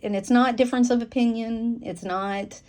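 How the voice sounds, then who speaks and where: A woman's voice: fairly high pitch, fairly even intonation, normal speed, darkish tone. A woman with a Southern American accent, chatting casually to camera about her planner in a folksy, candid way with lots of fillers. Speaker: planner vlogger.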